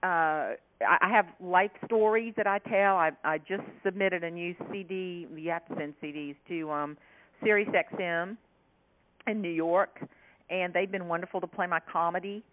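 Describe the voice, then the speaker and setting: A woman from South Carolina, an author and humorist, telling stories in an animated way as a guest in an interview. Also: on the low side, moderate pace. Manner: animated, laughing storyteller. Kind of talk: storytelling interview chat. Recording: tinny phone line.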